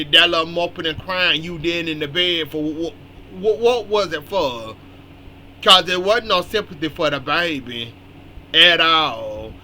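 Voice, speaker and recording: Guy ranting through a soap recap, bright ringing voice, little bit of noise underneath. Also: a little high. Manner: blunt, scolding talk straight at the characters. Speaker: soap opera recap host. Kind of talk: casual spoken commentary.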